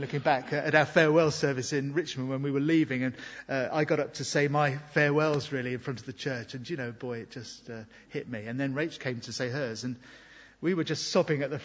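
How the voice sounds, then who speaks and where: Preacher guy, earnest sermon, bit husky, going loud then soft, long hall reverb. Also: on the high side, highs cut off. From Britain. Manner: earnest, reflective, swings between loud emphasis and quiet asides.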